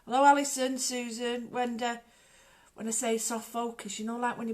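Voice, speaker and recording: A woman's voice: fairly high pitch, brisk. A woman hosting a casual home livestream, rambling chattily and greeting viewers by name. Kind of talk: casual live chat.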